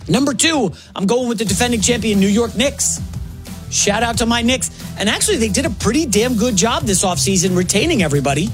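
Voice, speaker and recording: A man in his forties filling in as host of a sports radio show, talking fast and excitedly with quick asides and self-corrections. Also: very high voice, music in the background. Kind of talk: energetic sports talk.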